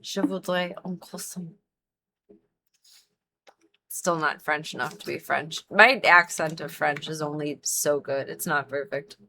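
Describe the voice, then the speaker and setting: A woman's voice: deep voice, steady tone, normal speed, few pauses, bright, forceful tone, slight background noise. A young woman livestreaming a video game, rambling casually and adding playful silly noises between her asides. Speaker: streamer. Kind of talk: casual gaming livestream chat.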